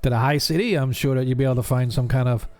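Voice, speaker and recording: A man's voice: medium pitch, rapid-fire, a little mellow, close to an everyday voice. A man voicing a roguish male half-elf barkeeper in his thirties, chatty and ingratiating as he serves drinks. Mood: welcoming. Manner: ingratiating, chatty host banter.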